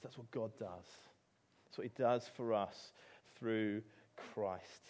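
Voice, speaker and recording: A man's voice: on the low side, slow pace, darkish tone. A man with an English accent preaching a sermon, telling a story with animation and rising to emphatic peaks.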